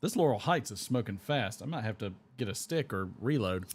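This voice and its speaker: Hosting a live pipe-smoking stream, a man chats casually in a lowish voice with a breathy edge, animated and fairly quick. He rambles between puffs, reading chat comments aloud with a chuckle.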